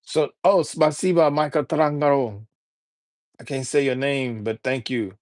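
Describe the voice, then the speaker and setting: A man from Alabama, chatting casually on a livestream and shouting out viewers by name. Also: mid-range voice, steady tone, a little slow, dry recording. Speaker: livestreamer and rapper. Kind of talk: casual live-stream chat.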